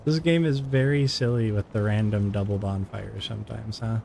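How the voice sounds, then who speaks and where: A man's voice: fairly low pitch, fairly even intonation, moderate pace, creaky, a little mellow, slight background noise. A tired, yawning man giving playful, chatty gameplay commentary while streaming. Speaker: gaming streamer.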